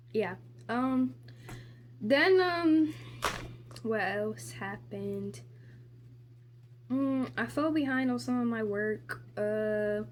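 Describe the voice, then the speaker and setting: Teen girl vlogger, high voice, rambling profane storytime, faint hiss behind. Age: teenager. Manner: rambling, profane, heavy use of "like"; indignant ranting. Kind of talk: casual get-ready-with-me storytime.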